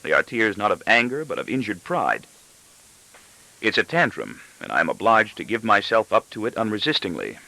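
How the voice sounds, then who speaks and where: A man narrating a novel aloud in the first person, with an expressive, brooding delivery. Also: on the low side, normal speed, vocal fry, rough recording. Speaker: audiobook narrator.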